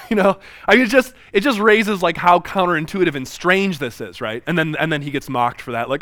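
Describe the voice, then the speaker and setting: A man in his thirties giving a classroom lecture, reading scripture aloud and acting out quoted dialogue with lively swings in voice. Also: on the high side, a little fast, dry recording, studio quality. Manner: animated, acts out quoted dialogue.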